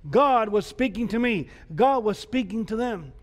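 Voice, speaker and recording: A man's voice: sits high, expressive, a little slow. A man preaching a sermon as pastor, emphatic, with repeated rhetorical questions to the congregation. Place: church sanctuary. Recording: church hall reverb.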